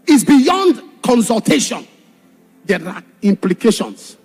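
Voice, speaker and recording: Man, preacher, sermon, husky voice, lively swooping pitch, faint music behind. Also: moderate pace. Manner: impassioned, shifts from shouted warnings to hushed storytelling.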